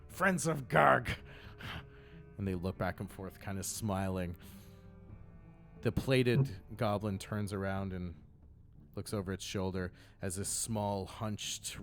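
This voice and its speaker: A man as game master, narrating a tabletop game with measured, descriptive scene-setting. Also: lowish voice, darkish tone.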